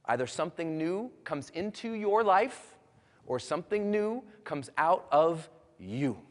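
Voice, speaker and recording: A man giving a live motivational speech to an audience, moving from quiet storytelling to loud, bold rallying calls. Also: a little high, sing-song, unhurried. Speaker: motivational speaker. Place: large hall with an audience. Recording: long hall reverb.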